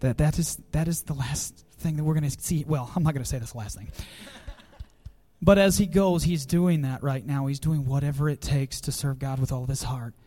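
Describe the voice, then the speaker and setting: A man's voice: a little high, fairly quick, dark tone. A youth pastor, a man, giving a heartfelt farewell tribute at a church gathering, choked up with emotion and laughing nervously.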